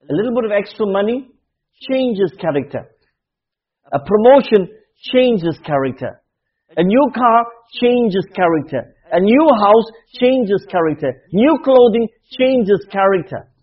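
A man's voice: sits high, lively intonation, measured pace, slightly rough, muffled recording. A man preaching a sermon, emphatic, repeating key phrases and dropping to near murmurs.

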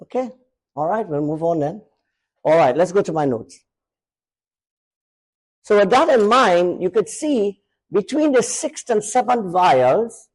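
A male preacher giving a sermon, emphatic, swinging between raised and lowered voice. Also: expressive, unhurried, long pauses, poor audio.

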